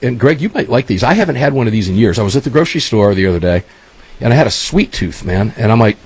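A man's voice: medium pitch, big pitch swings, fast, darkish tone, slightly rough. A man hosting a talk show, chatting casually and rambling through stories. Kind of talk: casual chat.

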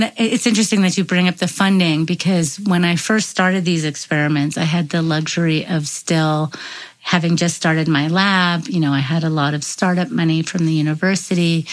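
A woman scientist in an interview, explaining her research in an animated, storytelling way. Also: low voice, poor audio. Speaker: neuroscientist guest. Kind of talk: interview conversation.

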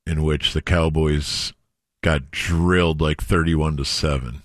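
A man's voice: very deep voice, steady tone, slow pace, no room sound, clean studio sound. A man from Wisconsin co-hosting a sports radio show, chatting casually with wry, teasing banter.

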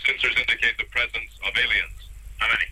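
A man voicing a robot that reports its sensor readings in a flat mechanical way. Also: medium pitch, fast, poor audio. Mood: snide. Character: snide robot computer voice.

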